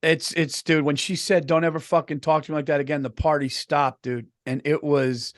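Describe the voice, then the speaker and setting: Man, comedy podcast co-host, fairly high voice, dry close sound, rambling "dude"-filled stories. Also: flat delivery, normal speed, no room sound. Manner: rambling anecdotes peppered with "dude". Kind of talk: casual comedic chat.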